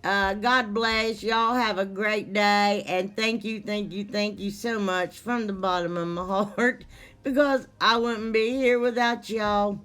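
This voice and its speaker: A woman's voice: mid-range voice, steady tone, slow pace, a bit bright. A woman narrating her crafting vlog casually, apologetic and laughing at herself as she rambles. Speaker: DIY crafting vlogger.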